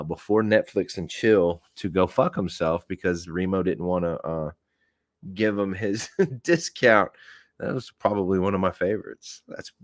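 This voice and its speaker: A man in his forties hosting a podcast, telling a story in a casual, animated way with laughs and swearing. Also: lowish voice, no echo, studio quality. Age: 40s. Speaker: podcast host.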